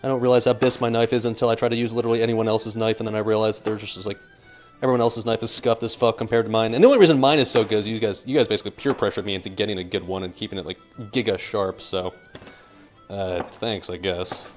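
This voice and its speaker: A man's voice: on the low side, steady tone, fast talker. A young American man cooking on a live stream, rambling and joking as he reads chat aloud. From United States. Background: faint music.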